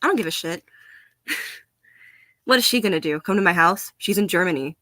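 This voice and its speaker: A woman's voice: fairly low pitch, lively intonation, fairly quick, pushed and bright, dry recording. An American woman ranting in a casual vlog, blunt, profane and sarcastic, often laughing. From United States. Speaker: vlogger.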